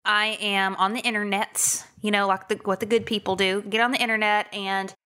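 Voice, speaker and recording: A woman with a Texan accent hosting a solo podcast, talking to her listeners in an energetic, emphatic, casual way. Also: medium pitch, moderate pace, clean tone. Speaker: podcast host.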